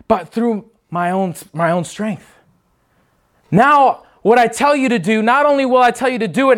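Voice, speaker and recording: A man preaching an impassioned sermon, restarting phrases often and swinging between loud bursts and hushed asides. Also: high voice.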